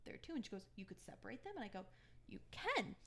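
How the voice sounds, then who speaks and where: A woman's voice: mid-range voice, racing, gravelly. A young woman co-hosting a podcast, casually telling a long story and acting out the other people's lines in her own voices. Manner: animated storyteller who acts out quoted dialogue. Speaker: podcast co-host.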